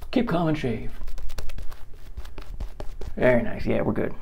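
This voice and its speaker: A man's voice: medium pitch, animated, slow pace, creaky, pauses often, a little mellow, slight background noise. A man chatting casually and laughing as he vlogs a shave. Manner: laid-back, chuckling, rambling. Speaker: shaving vlogger. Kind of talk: casual vlog chat while shaving.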